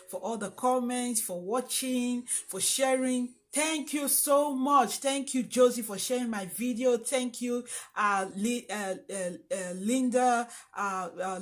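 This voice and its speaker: Chatty woman vlogging, high voice. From Nigeria. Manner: chatty, thanks viewers at length, hesitant fillers. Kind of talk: opinion vlog to camera.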